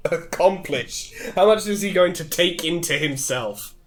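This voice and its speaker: A man's voice: high voice, expressive, a little slow, faint music behind. Laid-back joking man. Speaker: co-host. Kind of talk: casual chat reading a webcomic.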